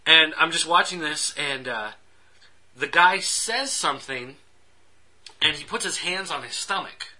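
Bright, wry male podcast voice. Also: a little high, expressive, a little slow, rough recording. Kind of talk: casual chat.

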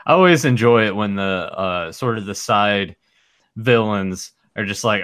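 A man's voice: lowish voice, a little slow, fairly bright tone, no echo, studio quality. A man co-hosting a podcast, chatting about an old cartoon in a laid-back, amused way. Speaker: podcast co-host. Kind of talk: casual chat about a cartoon.

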